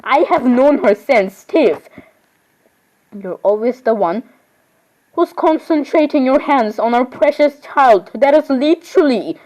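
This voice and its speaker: A woman's voice: sits high, lively intonation, unhurried, a little mellow, poor audio. A woman voicing every doll in an improvised role-play, talking in a rambling, chatty way with sudden surprised squeals. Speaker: voicing all the dolls in a homemade role-play.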